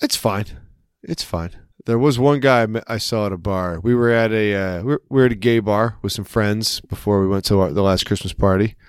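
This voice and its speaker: A man tells a meandering story in casual podcast chat and laughs easily along the way. His voice is smooth and resonant, recorded close and dry with no room sound. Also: lowish voice, a little fast, dry recording. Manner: rambling storyteller, laughs often, puts on voices in anecdotes.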